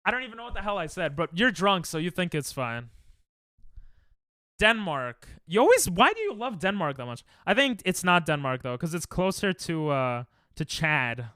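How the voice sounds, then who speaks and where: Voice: mid-range voice, big pitch swings, moderate pace, sharp tone, clean tone, no room sound, studio quality. A young adult streamer chatting casually with viewers while playing, reacting to chat and laughing often. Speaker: Twitch streamer.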